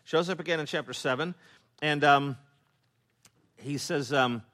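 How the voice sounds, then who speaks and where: A man preaching a sermon as a pastor, acting out biblical characters with laughing asides and dropping to a hush on solemn points. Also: on the high side. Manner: animated storytelling, acting out voices of biblical figures, laughing asides; drops to a hushed, slow tone on solemn points.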